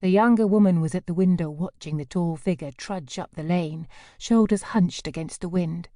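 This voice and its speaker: A woman narrating a novel as an audiobook in a measured storytelling manner. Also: lowish voice, dark tone, no room sound, clean studio sound.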